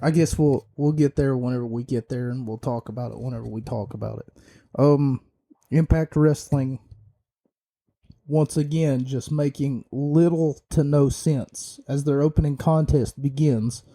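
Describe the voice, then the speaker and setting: A man's voice: mid-range voice, measured pace, dark tone. A man hosting a podcast, giving an opinionated, rambling wrestling review with many fillers and restarts. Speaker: podcast host.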